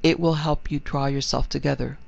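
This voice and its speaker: A man voicing a small, confident older French gentleman with courteous, formal speech. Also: on the high side, steady tone, fairly quick, gravelly, no room sound, muffled recording.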